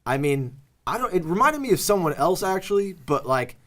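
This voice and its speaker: A man's voice: high voice, very animated, fairly quick, fairly bright tone. A young man chatting earnestly and casually, swearing freely and leaning on fillers like "you know" and "like". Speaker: guest in conversation. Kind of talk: casual chat.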